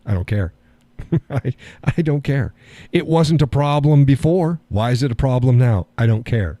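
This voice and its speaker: A man's voice: medium pitch, expressive, normal speed, darkish tone, no room sound. An older man hosting a live stream, talking in a folksy, sardonic way and chuckling often. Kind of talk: casual political chat.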